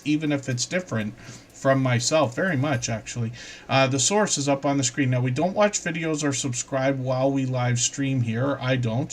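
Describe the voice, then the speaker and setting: A man's voice: medium pitch, slight background noise. Chatty man hosting a live stream. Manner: chatty, apologetic, says pardon me often. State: lingering cough. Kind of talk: casual live stream chat.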